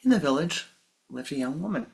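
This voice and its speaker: A spiritual teacher giving a sermon and telling a story slowly and softly, at times in a whisper. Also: mid-range voice, expressive, creaky, poor audio. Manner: slow, soft, partly whispered.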